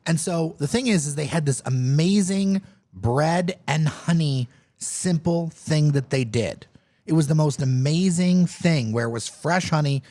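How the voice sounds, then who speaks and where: A man's voice: on the high side, measured pace. A man co-hosting a casual podcast, telling food stories with enthusiasm. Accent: Detroit, Michigan. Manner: lively storyteller, enthusiastic. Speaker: podcast co-host. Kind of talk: casual chat.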